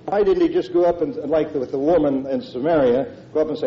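A man's voice: a little high, expressive, fairly quick, dull audio, a little hiss or hum. An older man preaching a conversational verse-by-verse sermon, emphatic, with frequent fillers and restarts.

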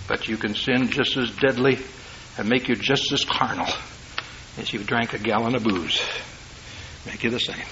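A man preaching a sermon in a folksy, conversational way, swinging between loud emphatic bursts and quiet low asides. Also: expressive, moderate pace. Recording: dull lo-fi sermon tape.

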